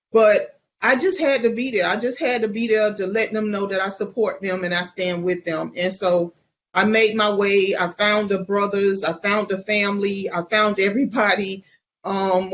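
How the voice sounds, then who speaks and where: Earnest woman, halting repeated phrases. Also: mid-range voice, highs cut off. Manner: earnest, repetitive, halting restarts. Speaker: bereaved mother interviewee. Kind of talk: emotional interview testimony.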